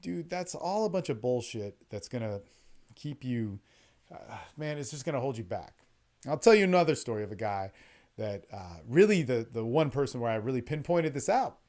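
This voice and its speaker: A man coaching other men, telling a blunt and profane story in a casual monologue recorded on an online call. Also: medium pitch. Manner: blunt, profane, animated, quick-talking storyteller with many restarts. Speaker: dating and men's development coach.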